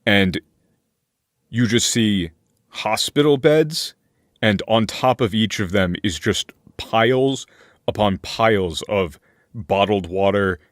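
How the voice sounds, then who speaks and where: Role: game master. Sex: man. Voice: low, recorded dry and close with no room sound. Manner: loose, filler-heavy scene narration. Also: lively intonation, slow pace, no room sound.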